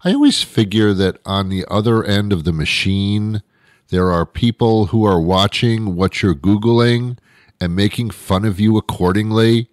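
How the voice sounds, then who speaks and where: A middle-aged man hosts a comedy show with a rambling satirical monologue, sarcastic and quick to mock himself. His voice sits low. It is recorded dry and close on a studio microphone. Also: no room sound. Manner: sarcastic, rambling, self-mocking.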